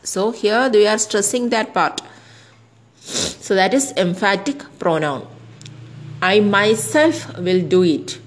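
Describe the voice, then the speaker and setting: A woman's voice: mid-range voice, rough recording. A woman teaching an English grammar lesson, spelling out words letter by letter and working through example sentences.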